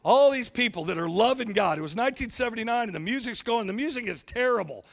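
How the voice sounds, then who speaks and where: Man, high voice, pastor, sermon, blunt, folksy, humorous, acts out voices. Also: expressive, fast, creaky. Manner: humorous storytelling, acting out quoted voices.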